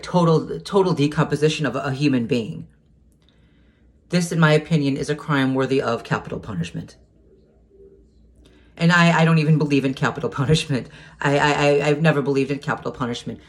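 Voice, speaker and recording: A man talking to camera in a casual monologue, agitated and hesitant, stumbling over restarts and repeated words and swearing heatedly. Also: mid-range voice. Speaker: vlogger.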